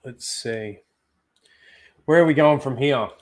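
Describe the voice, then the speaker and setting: A man's voice: medium pitch, slow pace. A man hosting a casual livestream, rambling bluntly with casual swearing. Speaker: livestream host.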